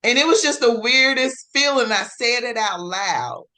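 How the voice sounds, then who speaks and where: A woman telling her own story as a podcast guest, swinging between hushed and excited and acting out her own past words. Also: on the high side, moderate pace. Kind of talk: personal storytelling in a podcast interview.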